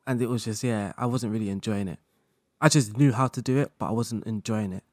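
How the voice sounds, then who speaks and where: A man speaking as a guest in a casual interview chat, relaxed, laughing often and talking in loose run-on sentences full of fillers. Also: lowish voice, a little fast, no room sound, clean studio sound. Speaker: guest content creator.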